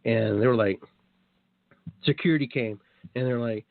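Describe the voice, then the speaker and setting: A man hosting a show, telling a story in a casual, animated way, acting out what people said and swearing now and then. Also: mid-range voice, moderate pace, pauses often, no echo. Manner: animated, acts out quotes, swears. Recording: dry tinny phone-like line.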